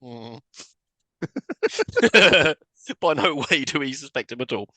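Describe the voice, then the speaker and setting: A man's voice: fairly high pitch, slow, no echo. A man co-hosting a podcast, recapping a film in casual chat, often laughing and swearing. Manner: animated, swearing, laughing retelling with quoted voices. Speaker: podcast co-host.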